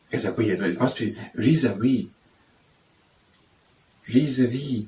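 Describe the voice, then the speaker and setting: A man, tutoring by slowly repeating French phrases and testing how they sound, then leading simple wrist exercises. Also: medium pitch, mellow. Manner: slow, repetitive, trying out pronunciations. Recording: distant mic with faint background noise.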